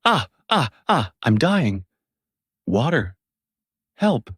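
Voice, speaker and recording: A sly young beggar thief from a storybook, played by a man reading aloud. The voice sits a little higher than the reader's own, husky and dry. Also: lively intonation, moderate pace, a little mellow, no echo. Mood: fake pain.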